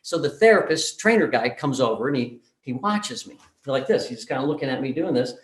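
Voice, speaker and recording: A man giving a conference talk, telling a story in an animated way and acting out the dialogue. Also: mid-range voice, fairly quick. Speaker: conference speaker. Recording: roomy echo.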